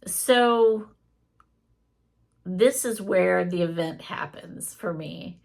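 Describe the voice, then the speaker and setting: A woman recounting a personal faith testimony in an earnest, emotional way. She speaks slowly, with plenty of vocal fry in her voice. The tone stays casual and heartfelt. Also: fairly low pitch, darkish tone.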